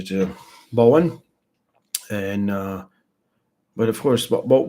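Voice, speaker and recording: A young man chatting casually about arm wrestling, blunt and halting, full of restarts and fillers. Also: fairly low pitch. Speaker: arm wrestling podcast regular. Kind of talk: casual chat.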